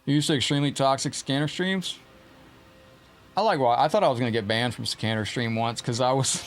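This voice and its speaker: A man's voice: mid-range voice, fairly quick. A man streaming a fighting game live, commenting on the match and chatting casually with viewers in the chat.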